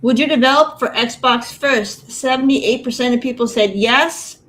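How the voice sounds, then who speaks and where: A woman's voice: high voice, moderate pace, a bit bright. Joking woman co-hosting a stream. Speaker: co-host. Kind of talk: casual live-stream chat.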